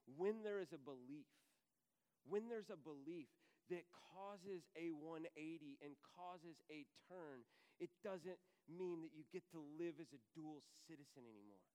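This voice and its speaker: A man's voice: fairly high pitch, smooth, in a large hall. A man in his thirties preaching a sermon, telling a personal story and acting out the voices of the people in it. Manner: animated storyteller, acts out voices in quotes. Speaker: pastor.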